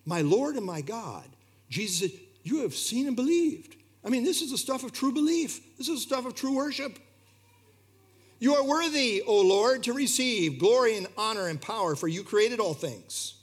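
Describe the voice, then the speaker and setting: A man's voice: high-pitched, sing-song, normal speed, breathy edge. A man preaching a sermon in an earnest, emphatic way, his delivery rising and falling. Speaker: pastor.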